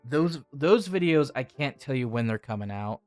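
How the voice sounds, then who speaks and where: A man's voice: medium pitch, lively intonation, moderate pace, no room sound, soft background music. A young man hosting his channel in casual chat, rambling and swearing, often restarting his sentences. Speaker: channel host.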